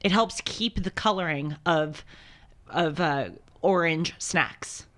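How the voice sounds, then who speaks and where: Brief: woman co-host, animated chatty storyteller, casual podcast banter. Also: low-pitched, takes it slowly. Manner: animated, chatty, lots of restarts and laughs. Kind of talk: casual chat.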